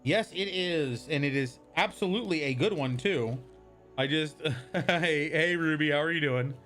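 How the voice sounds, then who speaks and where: A man's voice: on the high side, unhurried, fairly bright tone, faint music behind. A young man chatting casually on a live stream, rambling and answering viewers from chat as he goes.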